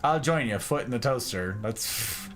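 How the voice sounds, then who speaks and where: A man's voice: medium pitch, lively intonation, unhurried, a bit bright, faint music behind. A man streaming a game, chatting casually and teasing his viewers with playful, repetitive banter. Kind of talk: casual live-stream commentary reading chat.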